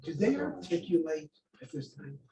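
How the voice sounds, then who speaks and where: A man's voice: fairly high pitch, sing-song, normal speed, gravelly. A man in a seminar audience breaking in with a question for the lecturer. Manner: interrupting with a question. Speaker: seminar participant. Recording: echoey room, distant from the mic, chatter around.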